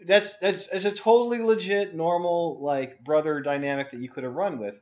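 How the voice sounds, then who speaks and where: Young man, ranting casual call chat, slightly high voice, dull lo-fi audio. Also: normal speed, a little mellow. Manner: blunt, profane, emphatic ranting. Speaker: discussion co-host. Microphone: video call.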